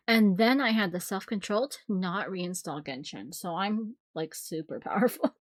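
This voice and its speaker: A woman streamer reacting casually on a live stream, expressive and swearing, often laughing. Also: mid-range voice, normal speed, hardly any pauses, no room sound, studio quality.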